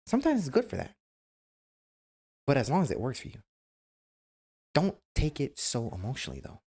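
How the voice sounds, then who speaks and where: A man's voice: sits low, gravelly, warm tone, husky. A man streamer giving casual, emphatic advice, repeating himself and acting out quoted remarks. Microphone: webcam mic.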